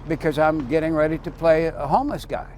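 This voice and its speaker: An older man from Shreveport, a character actor telling animated stories in an interview. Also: a little high, fast. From Shreveport, Louisiana. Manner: animated storytelling, acts out quotes. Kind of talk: interview soundbites.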